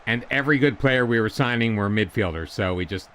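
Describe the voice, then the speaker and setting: An American man casually commentating while he streams a football management game and chats with viewers, rambling and excitable. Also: on the low side, fairly quick, a little hiss or hum. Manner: chatty, rambling, excitable during goals.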